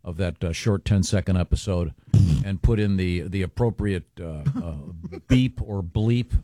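Radio co-host man, low mellow voice, dry studio sound, rambling with fillers. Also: no room sound. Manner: rambling, halting with many fillers. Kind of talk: morning radio banter. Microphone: studio microphone.

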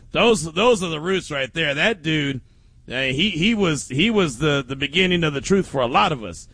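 A man's voice: on the high side, moderate pace, breathy edge, no room sound. A man hosting a daily sports talk show, telling stories casually with frequent laughs. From Oakland. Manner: animated storytelling with frequent laughs.

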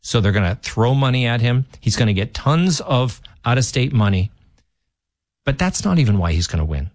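A man's voice: medium pitch, sing-song, moderate pace, a little mellow, no room sound, clean studio sound. Opinionated male talk radio host. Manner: opinionated, emphatic, with frequent restarts. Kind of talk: political talk radio commentary.

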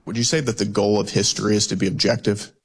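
A man's voice: lowish voice, level tone, quick pace, husky. A man questioning a witness at a hearing with pointed, probing questions.

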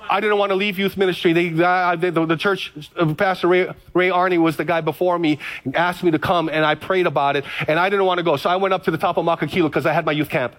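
A male pastor from Hawaii, telling stories in a lively sermon and repeating phrases. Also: high voice. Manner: storytelling, animated, repeats phrases.

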